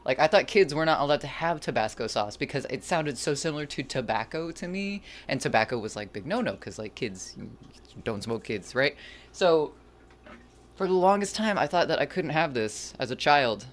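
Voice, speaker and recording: Chatty, lively-voiced cooking streamer. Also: mid-range voice, normal speed. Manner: rambling, chatty, talks to chat while cooking; self-deprecating humor. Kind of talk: casual cooking stream chat.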